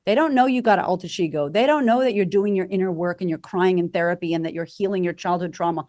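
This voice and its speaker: A woman's voice: fairly low pitch, quick pace, darkish tone, no room sound. A woman confidence coach talking animatedly as a podcast guest, acting out quoted voices. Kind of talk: podcast interview.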